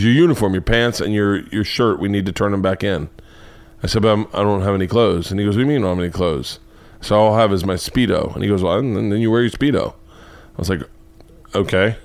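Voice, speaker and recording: A man hosting a podcast, telling an embarrassing childhood story as a swearing, animated comic monologue. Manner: animated, swearing, jumps into high excited pitch for punchlines. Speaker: comedian and podcast host.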